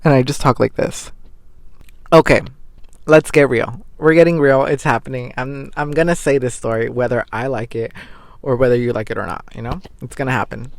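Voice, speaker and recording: A man's voice: medium pitch, fairly even intonation, normal speed, gravelly, no echo, clean studio sound. A young man hosting his own podcast in a casual confessional chat, giggly and embarrassed, rambling with many restarts. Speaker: podcast host.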